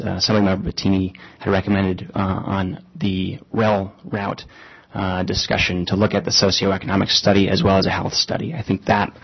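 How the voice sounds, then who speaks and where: A man giving measured, persuasive public testimony at a meeting, pausing often with fillers. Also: deep voice, creaky, breathy edge, highs cut off. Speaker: public commenter.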